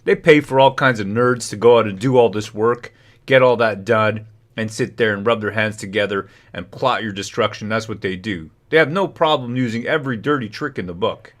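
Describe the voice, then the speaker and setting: A man's voice: on the low side, a little fast, a bit bright. A man hosting a livestream, ranting in heated, indignant bursts while reacting to a hearing. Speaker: livestream host.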